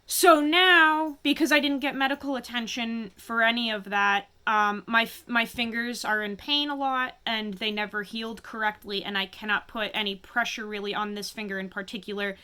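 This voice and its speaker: A woman speaks straight to camera about something she has never shared, her delivery halting and full of restarts. Her voice is bright and clean, and she keeps stopping to hold back tears. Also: fairly high pitch, steady tone, smooth. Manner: halting, emotional, many restarts and pauses. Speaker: vlogger. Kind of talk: personal confession to camera.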